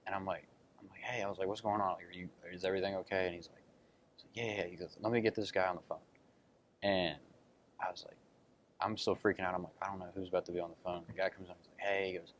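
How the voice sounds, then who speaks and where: A man's voice: sits low, lo-fi sound, slight background noise. A young man answering interview questions about being recruited, telling his story earnestly with lots of fillers and retold quotes. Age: young adult. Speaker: college basketball recruit.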